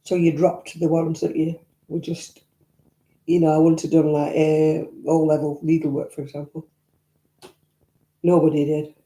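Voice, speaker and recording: An older woman from Northern England hosts a vlog from home, her low, mellow voice level in tone, moderately paced, and full of pauses. She reminisces and answers viewer comments with blunt asides, and the room sounds echoey.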